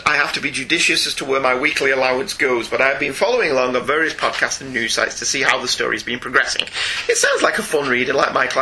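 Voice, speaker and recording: A man's voice: on the high side, sharp tone, a little hiss or hum, rough recording. A man co-hosting a comics podcast, reading listener emails aloud in a chatty way and laughing often. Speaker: podcast co-host.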